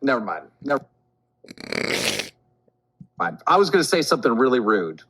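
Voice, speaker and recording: A man's voice: mid-range voice, sing-song, normal speed, crowd noise. A man on a livestream, teasing and exasperated as he holds back a joke. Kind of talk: casual stream chat.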